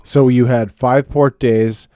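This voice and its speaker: A man's voice: medium pitch, steady tone, slow, mellow, no room sound, clean studio sound. A middle-aged man co-hosting a podcast, chatting casually in a rambling way with many restarts and fillers. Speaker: podcast co-host. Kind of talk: casual chat.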